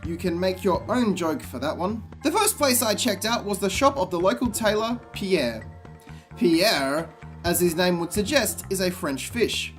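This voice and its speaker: Man, sarcastic game commentary, exasperated deadpan asides, very animated pitch. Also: measured pace, faint music behind.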